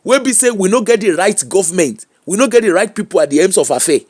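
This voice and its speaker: A man with a Nigerian accent giving an animated, mocking live-stream rant in Pidgin English. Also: high voice, quick pace, slightly rough. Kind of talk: ranting live-stream monologue.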